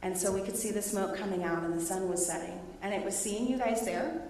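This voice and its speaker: A middle-aged woman, a teacher, presenting her research to students and taking questions in a lively, laughing way. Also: mid-range voice, fairly quick, a little hiss or hum. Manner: animated, laughing storyteller. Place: large echoey hall. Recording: echoey hall, voice from a distance.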